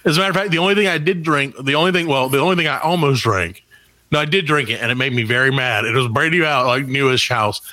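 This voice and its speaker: A man's voice: medium pitch, fast, no echo, low-quality recording. A man in his forties, a podcast co-host, telling a story in casual chat and acting out the voices. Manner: animated storyteller, acts out voices.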